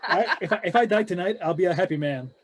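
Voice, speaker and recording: A man's voice: sits high, animated, fast talker. A man co-hosting a casual webcast over a video call, joking and repeating himself. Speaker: co-host. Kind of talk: casual chat.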